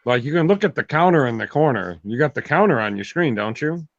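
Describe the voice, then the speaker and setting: A man's voice: mid-range voice, animated, brisk, no room sound, lo-fi sound. A man co-hosting a casual stream chat, teasing his co-hosts and swearing casually. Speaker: podcast co-host.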